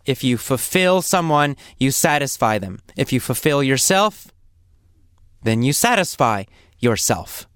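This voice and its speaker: Smooth-voiced patient male English teacher. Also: medium pitch, big pitch swings, fairly bright tone, no echo, clean studio sound. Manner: slow, patient, repeats words and examples; acts out coughs and sample phrases. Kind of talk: explaining vocabulary in a lesson.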